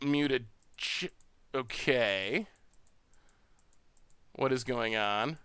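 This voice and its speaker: A man's voice: mid-range voice, extremely slow, fairly bright tone, clean tone, no room sound. A man streaming an online card game, thinking aloud in chatty commentary, laughing often and restarting his phrases. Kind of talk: live gameplay commentary.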